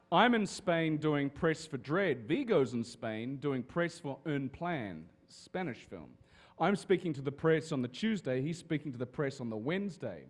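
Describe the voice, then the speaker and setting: A man telling casual, lively anecdotes to an audience as a guest on a convention panel. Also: on the high side. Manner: lively storyteller with restarts and swearing.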